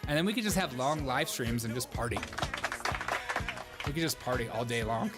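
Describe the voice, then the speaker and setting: A man's voice: mid-range voice, expressive, moderate pace, over loud music, a loud crowd. A man hosting a live stream, chatting casually in a sarcastic, mocking way and laughing often as he reads out his viewers' messages. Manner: reads viewer chat aloud.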